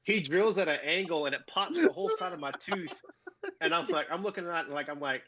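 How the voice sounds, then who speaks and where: A man's voice: a little high, brisk, highs cut off. A man on a casual podcast, telling a story with lots of swearing. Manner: profane, animated storyteller. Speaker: podcast co-host.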